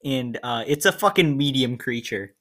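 A man of ordinary pitch runs a tabletop game over voice chat. He narrates in a loose, laid-back way, dropping swear words and laughing with his players. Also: lively intonation, normal speed, fairly bright tone. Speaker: game master.

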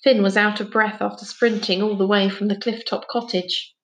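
A woman reading a children's book aloud with clear, gentle storytelling. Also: medium pitch, little pitch movement, normal speed. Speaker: story reader.

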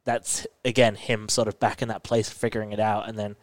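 A man's voice: on the low side, little pitch movement, fairly quick, dry recording. Chatty man explaining a plot. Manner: explains plot eagerly, laughs often. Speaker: podcast co-host. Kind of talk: casual chat.

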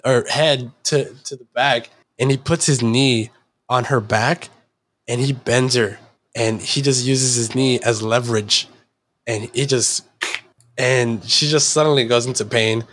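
A man's voice: mid-range voice, steady tone, a little slow, a bit bright. A man hosting a casual chat, rambling with lots of fillers as he tells a story.

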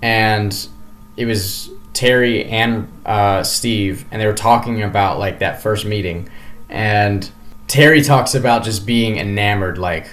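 A man's voice: fairly low pitch, slow pace, a bit bright. A man co-hosting a podcast, telling a story in casual chat and rambling through many fillers and restarts. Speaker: podcast co-host.

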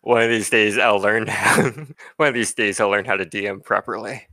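A man narrating a tabletop game as game master, playful and quick to laugh. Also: fairly low pitch, steady tone, sharp tone, no room sound. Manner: laughs often, playful and teasing.

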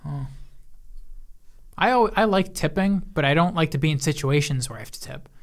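A woman's voice: low-pitched, animated, normal speed. A woman co-hosting a casual chat, rambling and laid-back, laughing often.

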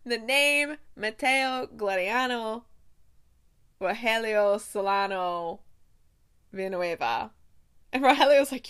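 A young woman casually recapping a TV season, retelling scenes with animated asides and quoting characters in a softer voice. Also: fairly high pitch, slow, pauses often, clean tone. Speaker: podcast host recapping a TV show. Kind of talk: casual chat.

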